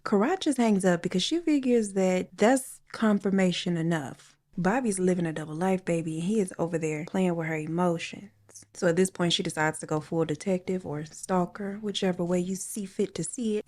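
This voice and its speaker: A woman's voice: on the low side, moderate pace, hardly any pauses, darkish tone. A woman casually retelling a true crime story to her viewers in a chatty, slangy way, talking straight to the audience.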